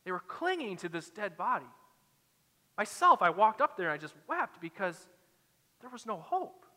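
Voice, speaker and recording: A man's voice: high-pitched, very animated, normal speed, pushed and bright, long reverb tail. A man preaching a sermon as a pastor, dramatic and acting out the quoted lines.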